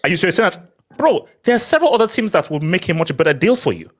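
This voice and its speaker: A man hosting a casual group chat, animated and quick to cut in with strings of repeated words. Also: high-pitched. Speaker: podcast host.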